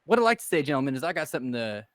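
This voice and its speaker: A man playing an undead male hero with a put-on accent, talking in a measured, persuasive and quietly threatening way. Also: mid-range voice, sing-song, slight background noise. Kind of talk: in-character role-play.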